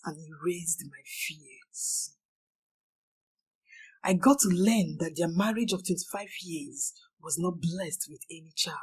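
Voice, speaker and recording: A young woman narrates a first-person story in a slow, somber, confessional way. Her voice is husky and sits fairly low. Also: low-quality recording.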